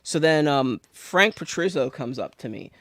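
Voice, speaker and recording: Podcast guest, male, from Pennsylvania, gravelly, chatty storyteller, dry sound. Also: a little high, moderate pace, dry recording. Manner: rambling, animated storyteller with many restarts. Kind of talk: casual storytelling.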